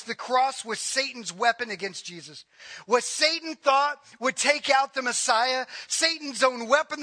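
High, bright-voiced male preacher. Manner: emphatic preaching, swinging between loud and hushed. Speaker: pastor. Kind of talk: sermon.

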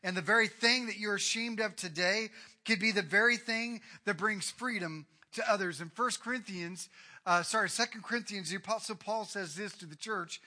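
A man preaching a sermon, retelling a Bible story with swings from hushed to loud. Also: high-pitched, moderate pace. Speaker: pastor.

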